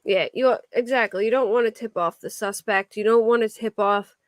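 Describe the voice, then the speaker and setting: A woman's voice: a little high, moderate pace, dry recording, clean studio sound. A woman hosting a true crime livestream, chatting casually with viewers in a rambling way, full of restarts. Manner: rambling, restarts and filler words. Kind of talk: casual chat reacting to viewer comments.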